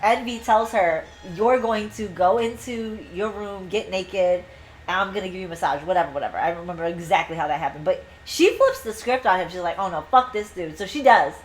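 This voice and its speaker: A woman's voice: fairly low pitch, lively intonation, a little fast, slight background noise, rough recording. A woman co-hosting a podcast, chatting casually and profanely about a book and acting out lines from it. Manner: profane, gushing, acts out quotes. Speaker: podcast co-host. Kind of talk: casual book review chat.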